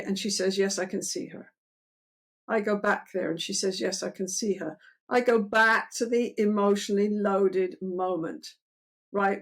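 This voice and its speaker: An older woman therapist explaining her methods in an interview, animated, acting out lines of dialogue between client and therapist. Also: mid-range voice.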